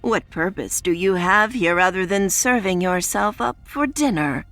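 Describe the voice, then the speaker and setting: A woman voicing a stern male alpha wolf who speaks in a measured, scornful way. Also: mid-range voice, expressive, fairly bright tone, dry recording, faint music behind.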